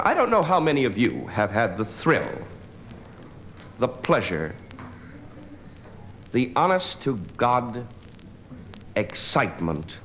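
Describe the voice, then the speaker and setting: A man's voice: lowish voice, fairly bright tone. A man doing a live stand-up routine, dry and digressive, bantering with the audience. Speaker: stand-up comedian. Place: live club before an audience. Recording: noisy live recording.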